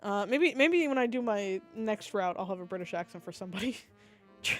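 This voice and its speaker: A woman VTuber giving casual, jokey let's-play commentary, excitable and quick to burst out loud while reading a game aloud. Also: medium pitch, soft background music. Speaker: VTuber streamer.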